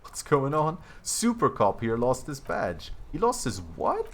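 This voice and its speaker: A man voicing an impatient, foul-mouthed male police officer who swears loudly. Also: a little high, huge pitch swings, unhurried, creaky, voice pushed up, heavily acted. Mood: exasperated. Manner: loud and swearing.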